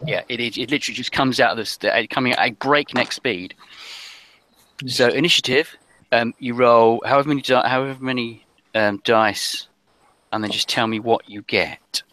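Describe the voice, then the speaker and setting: A man's voice: medium pitch, fairly even intonation, normal speed, pushed and bright, a little hiss or hum, rough recording. A man narrating as game master of a tabletop game, hesitant with frequent ums.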